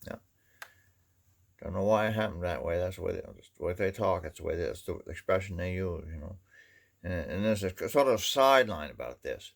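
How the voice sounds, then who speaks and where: A man with a Maine accent talks in a rambling, folksy way, padding his sentences with "you know". His voice sits very low and has a heavy gravelly fry. He sounds like he is chatting to a camera on a lazy afternoon. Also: expressive, brisk. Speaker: vlogger. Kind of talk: casual folksy monologue.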